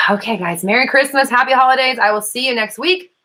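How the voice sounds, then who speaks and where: Woman coach hosting a live chat, talks super fast, bright voice, lots of ums and some swearing. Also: a little high, poor audio. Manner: fast-talking, self-described; chatty, frequent fillers and swearing. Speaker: law of attraction coach and host. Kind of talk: casual livestream chat with viewers.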